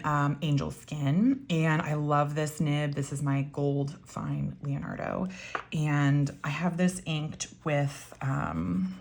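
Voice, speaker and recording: A woman with a low voice talks her way through a show-and-tell, chatty and enthusiastic, full of likes and ums. Her voice has a gravelly fry that gets a bit froggy. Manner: chatty, enthusiastic, many fillers. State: voice getting froggy. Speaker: pen and ink vlogger. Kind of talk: casual show-and-tell while writing.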